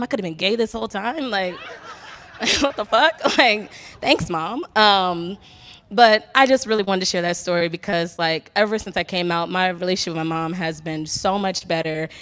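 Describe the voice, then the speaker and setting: A woman's voice: on the low side, a bit bright. A young woman from Detroit telling a candid personal story at a live storytelling event, rambling and laughing often. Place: barbershop.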